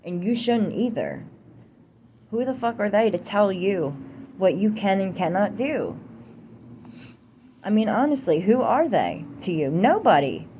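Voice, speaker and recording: A young American vlogger launches into a heated, profane political rant to camera, repeating herself for emphasis. Her mid-range voice swings widely in pitch and stays warm, and she speaks unhurriedly with long pauses. A little hiss or hum sits underneath.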